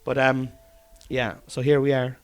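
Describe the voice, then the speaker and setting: Irish man, comedian, casual rambling chat, swearing, mid-pitched voice. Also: completely flat delivery, measured pace, clean tone. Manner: chatty, swears often, rambling. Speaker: podcast host, comedian. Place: study by an open fire at home.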